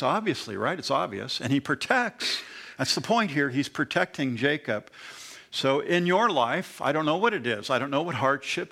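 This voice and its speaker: A man's voice: medium pitch, a bit bright. A man preaching an expository sermon in an earnest, conversational way, with sudden emphatic rises.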